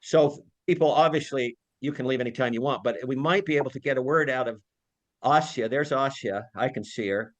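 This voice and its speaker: A man's voice: medium pitch, fairly quick. A man giving an informal talk over a video call, rambling and teasing in a jokey way. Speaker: lecturer.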